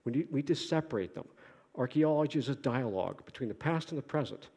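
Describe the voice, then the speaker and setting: A man's voice: mid-range voice, quick pace, husky. Man lecturing with jokes in an echoey hall. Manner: lively, joking, rhetorical questions. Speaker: conference lecturer. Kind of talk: academic conference talk.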